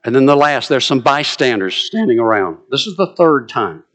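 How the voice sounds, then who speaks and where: Preacher retelling a story. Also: male voice, mid-range voice, expressive, brisk, few pauses, a bit bright. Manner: dramatic, vivid retelling. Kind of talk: sermon storytelling.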